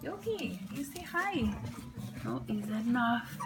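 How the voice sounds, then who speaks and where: Cooing woman with lively voice. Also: on the high side, a little slow, creaky, loud music behind the voice, low-quality recording. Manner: cooing baby talk to puppies, frequent laughs. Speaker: dog breeder. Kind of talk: casual vlog narration. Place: indoors at a whelping pen.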